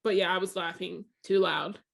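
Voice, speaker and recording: A young woman co-hosting a podcast in casual chat, telling chatty stories and laughing loudly. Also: fairly low pitch, fairly even intonation, moderate pace, creaky, crowd noise. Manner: chatty storyteller, loud laugh. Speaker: podcast co-host.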